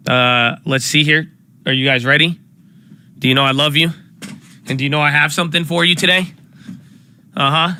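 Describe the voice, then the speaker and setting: A man with a slightly high voice hosts a live stock trading stream, talking fairly quickly but with long pauses over slight background noise. Casual and energetic, he hypes up his viewers with repeated calls and phrases.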